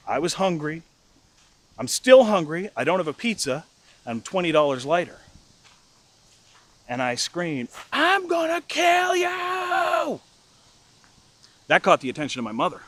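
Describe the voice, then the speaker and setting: A middle-aged man telling a comic personal anecdote in an animated, mock-furious way. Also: medium pitch, no echo. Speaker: storyteller. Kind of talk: casual anecdote storytelling.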